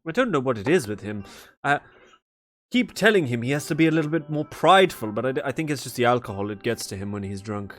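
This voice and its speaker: A man's voice: mid-range voice, sing-song, fast, faint music behind, lightly acted. A man voicing a male adventurer who sighs and rambles with exasperated gossip.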